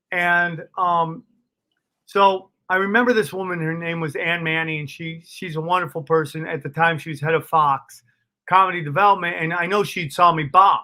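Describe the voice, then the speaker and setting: A middle-aged comedian appears as a guest in a casual interview, telling animated stories, swearing freely and calling people "dude" and "bro." His voice sits on the high side.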